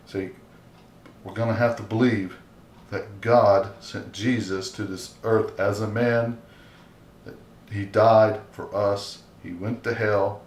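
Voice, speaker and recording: Man, low voice, earnest informal preaching, echoey room, faint hiss. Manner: earnest, repeats "okay?" often. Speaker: lay preacher.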